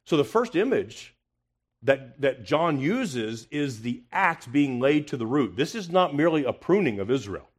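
A man preaching a confrontational expository sermon, asking rhetorical questions and swinging from loud emphasis to hushed tones. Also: medium pitch, sing-song, a little slow, slightly rough.

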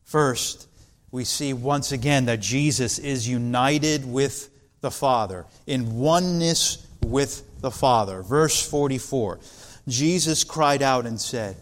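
A man's voice: mid-range voice, lively intonation, slow pace. A man preaching an expository sermon, earnest and building intensity when quoting scripture. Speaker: pastor.

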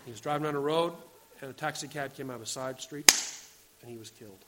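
A man in his forties preaching a sermon, earnest, moving between loud urging and quiet storytelling. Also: fairly high pitch, steady tone, fast, very noisy. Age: 40s. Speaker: pastor.

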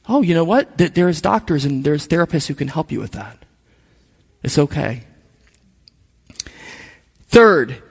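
A man's voice: high-pitched, animated, a little slow, long pauses. A middle-aged man preaching a sermon to his church in an earnest way. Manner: earnest, acts out quoted voices. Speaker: pastor. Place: church sanctuary. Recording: reverberant church hall.

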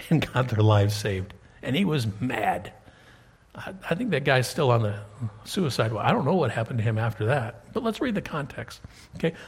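Man, pastor, lively sermon, husky, slightly high voice, long hall reverb. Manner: animated, conversational preaching with rhetorical questions.

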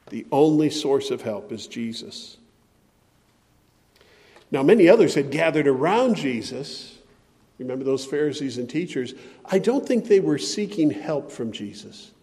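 Male preacher, fairly high voice, pleading sermon, long church reverb. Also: animated, measured pace. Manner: impassioned, pleading, swings loud and soft.

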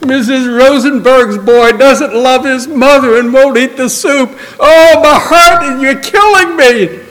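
A man's voice: very high-pitched, takes it slowly, fairly bright tone, big-room sound, pitched above the performer's own voice, heavily acted, poor audio. A man voicing a melodramatic, guilt-tripping middle-aged mother who wails and pities herself. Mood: wounded melodrama. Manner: wailing, self-pitying complaints.

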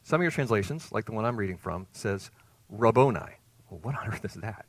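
A man preaching a sermon as pastor, earnest and emphatic, rising to loud peaks and dropping to soft, hushed phrases. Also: on the low side, lively intonation, brisk, no room sound.

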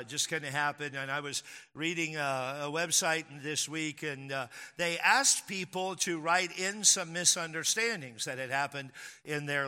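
Bright-voiced pastor in a reverberant hall. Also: male voice, a little high, clear, resonant tone. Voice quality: conversational, storytelling with acted quotes. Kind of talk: sermon.

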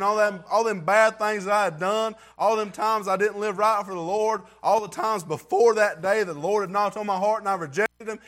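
A man's voice: high voice, a bit bright. A man reading scripture aloud and giving an earnest, heartfelt testimony in plain everyday grammar. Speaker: church member giving testimony.

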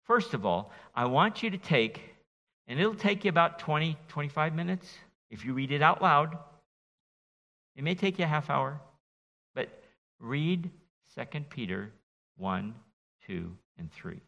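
A middle-aged man preaches an expository sermon with a bright, forceful voice and lively, rising and falling inflection. He is folksy and teasing with his listeners. The sound carries a long echo from a church sanctuary. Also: fairly high pitch, measured pace, creaky, pauses often, dull audio. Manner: animated, folksy, jokes with the congregation. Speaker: pastor. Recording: reverberant church hall.

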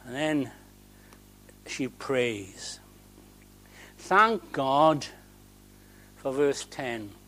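A man's voice: medium pitch, animated, extremely slow, pauses often, a bit bright, a little hiss or hum. A man preaching a sermon to a congregation, conversational and humorous, with theatrical asides.

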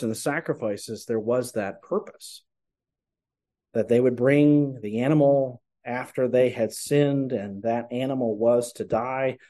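A man's voice: mid-range voice, warm tone. A man preaching a sermon, explaining scripture earnestly and posing rhetorical questions to his congregation. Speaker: pastor.

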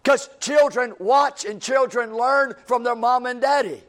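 A man's voice: extremely high pitch, unhurried, fairly bright tone. A male preacher, delivering a sermon in a church with a repetitive, emphatic cadence.

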